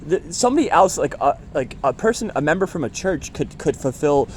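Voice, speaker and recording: A man filming himself at a shelter door, speaking haltingly and repeating words, then venting with growing agitation. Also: a little high, a little mellow, slight background noise. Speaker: person seeking shelter. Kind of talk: filmed confrontation and venting.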